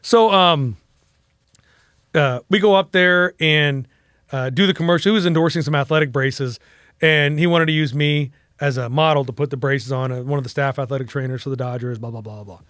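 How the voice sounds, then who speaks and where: An animated middle-aged man from the United States tells stories as a guest, swearing casually and slipping into the voices of the people he quotes. His voice sits fairly high for a man. The sound is close and dry, with no room echo. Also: a little fast, clear, resonant tone. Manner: animated, profane, acts out quotes. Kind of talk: casual storytelling interview.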